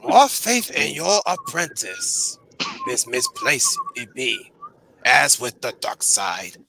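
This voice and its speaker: Man doing a wise little ancient alien master, shrill and slow, scrambled word order. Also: wildly swooping pitch, vocal fry, pushed and bright, a little hiss or hum, full character voice. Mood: scolding. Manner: backwards phrasing, very high squeak.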